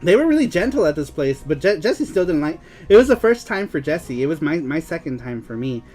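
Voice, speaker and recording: A man's voice: fairly high pitch, sing-song, brisk, a little mellow, soft background music. A young man co-hosting a casual show who keeps breaking into fits of giggling. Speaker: podcast co-host. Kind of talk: casual chat.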